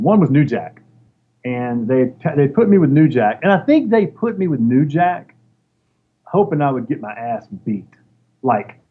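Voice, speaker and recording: In a husky voice of medium pitch, a former wrestler appearing as an interview guest tells casual stories. He's animated, acting out the voices of the people he quotes along the way. The audio sounds dull and lo-fi, with faint background noise.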